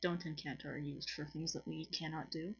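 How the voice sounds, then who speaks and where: A woman's voice: low voice, flat delivery, moderate pace, muffled recording, soft background music. A tired woman with a French accent teaching a casual lesson to camera, chatty and apologetic, often restarting her sentences. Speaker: language teacher on her own channel. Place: home room with colored lights.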